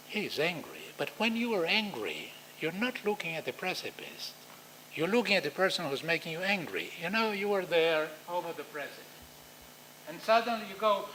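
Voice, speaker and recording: Israeli guy giving a conference talk, bright voice, acts out lines loud. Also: high-pitched, normal speed, slight background noise, low-quality recording. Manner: animated, acts out quoted dialogue loudly. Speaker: lecturer.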